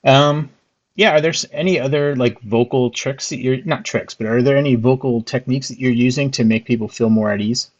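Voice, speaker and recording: A man's voice: mid-range voice, brisk, highs cut off. A man from the Philadelphia area, chatting casually with frequent restarts and easy laughs. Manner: hesitant, restarts often, laughs easily. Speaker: host. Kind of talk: casual chat.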